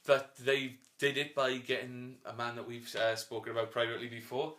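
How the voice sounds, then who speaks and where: A British man banters on a football podcast as co-host. He is playful, laughs often and slips into silly voices. His voice sits at a middling pitch. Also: monotone, fairly quick, a bit bright, slight background noise. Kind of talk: casual football chat.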